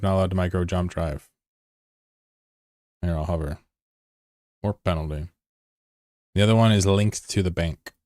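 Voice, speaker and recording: A man chatting casually on a live game stream, excitable and swearing freely as he answers chat between calls. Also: lowish voice, no room sound, studio quality.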